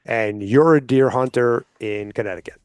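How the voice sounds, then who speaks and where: A man speaking as a podcast guest, persuasive and explanatory, often checking in with listeners with a quick "okay?". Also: mid-range voice, clear, resonant tone, no echo. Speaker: hunting advocate guest. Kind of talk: casual podcast conversation.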